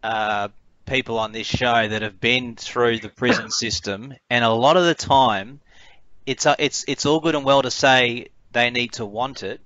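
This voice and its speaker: A male host asks his questions in a calm, measured way, building each one carefully and reflecting before handing back to his guest. His voice sits mid-range and sounds dry and slightly muffled, with no room echo around it. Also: medium pitch. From Australia. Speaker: radio host. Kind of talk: interviewing.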